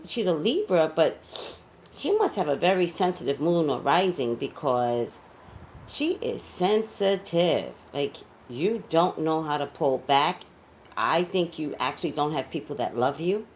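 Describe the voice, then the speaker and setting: A woman's voice: lowish voice, a little hiss or hum. A woman giving blunt, scolding, emotional celebrity commentary as a psychic.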